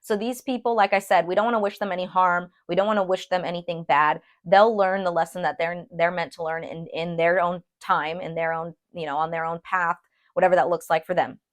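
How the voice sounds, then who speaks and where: A woman giving a casual tarot reading to her viewers, chatty and animated, checking in with them often. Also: fairly low pitch, a little fast. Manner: chatty and animated, addresses viewers as "you guys", frequent "okay?". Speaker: tarot reader.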